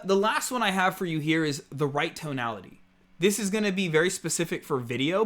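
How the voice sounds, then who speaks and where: A man's voice: on the high side, fairly bright tone. Casual, emphatic male marketing coach. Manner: conversational, emphatic, with frequent fillers and asides. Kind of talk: casual teaching to camera.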